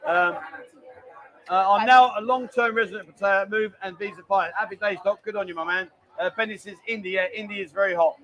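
High-voiced chatty man. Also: steady tone, a little fast, a bit bright, low-quality recording. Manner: chatty, bantering, rambling. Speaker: livestream host. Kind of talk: casual live-stream chat.

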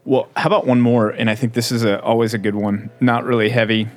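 A man with a medium-pitched voice hosts a relaxed chat. He tells a story in a jovial, easygoing way and laughs along with it. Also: quick pace. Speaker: host. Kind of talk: casual chat and anecdote.

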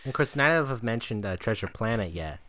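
Guy with a bright, clear voice, sarcastic and jokey, summing up a movie. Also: fairly low pitch, expressive, quick pace, no room sound, studio quality. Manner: joking, laughs often, sarcastic. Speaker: podcast co-host reviewing a film. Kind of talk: casual chat.

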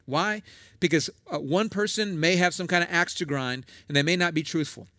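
A middle-aged pastor delivers a sermon in a folksy, conversational manner, punching his points with emphatic asides. His voice sits high for a man. The recording is dry, with little room sound. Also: moderate pace, sharp tone, no echo.

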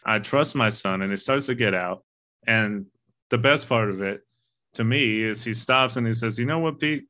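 A man's voice: fairly low pitch, moderate pace, sharp tone. A man in casual podcast talk, animatedly retelling a film scene and quoting its lines, with the odd swear.

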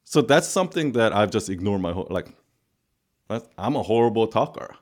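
A man with a somewhat low, calm voice talks on a podcast in a loose, rambling way. His speech is full of filler words, and listeners find the sound of him soothing. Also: fairly quick. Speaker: podcast co-host. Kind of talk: casual chat.

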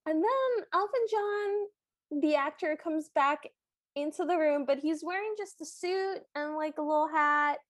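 A woman's voice: high-pitched, measured pace, no room sound, clean studio sound. A woman co-hosting a podcast, chatting casually and joking about an episode. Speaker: podcast co-host. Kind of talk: casual chat.

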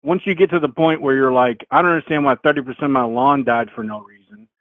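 A man's voice: medium pitch, quick pace, no room sound. A man from Arkansas with a Southern accent, calling in to a show and talking earnestly about his lawn. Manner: earnest, rambling, casual cursing. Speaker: caller. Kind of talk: phone-in conversation. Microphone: phone. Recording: tinny phone line.

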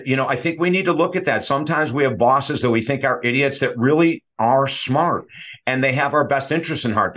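A middle-aged man speaks as a sports psychology coach and guest. He tells stories with energy and acts out the voices of the people in them. His pitch sits in a middle range. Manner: energetic storyteller acting out quoted voices. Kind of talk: animated guest storytelling.

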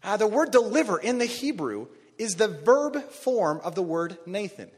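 A man preaching a sermon, telling a story with animated energy and rising to shouts on key phrases. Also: high voice, normal speed, slightly rough. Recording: long reverb of a large hall.

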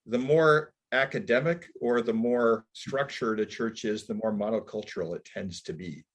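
A man's voice: lowish voice, normal speed. A man interviewing a pastor, musing and thinking aloud about church and culture. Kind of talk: reflective interview talk.

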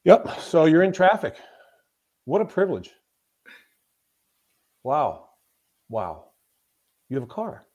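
A man's voice: a little high, very animated, slow pace, long pauses, darkish tone, lo-fi sound. Emphatic man telling stories as a guest. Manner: emphatic, storytelling, often repeats himself. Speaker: podcast guest, mental toughness coach. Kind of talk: conversational interview.

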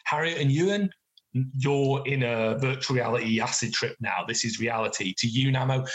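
A man's voice: mid-range voice, moderate pace, rough recording. Man running a tabletop game. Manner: lively descriptive narration with fillers. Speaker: game master.

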